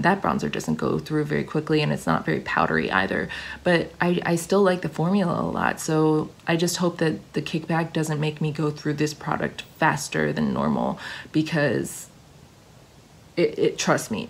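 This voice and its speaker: Girl chatting about makeup, kinda hoarse, low voice, gushy and rambly. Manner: gushing, chatty, restarts often. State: slightly hoarse, getting sick. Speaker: beauty vlogger. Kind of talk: casual product review chat.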